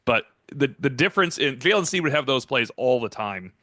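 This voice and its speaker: Male football analyst, bright forceful tone, dry close sound, rambling. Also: mid-range voice, lively intonation, brisk, no room sound. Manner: rambling film breakdown. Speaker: sports analyst. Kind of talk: casual sports talk.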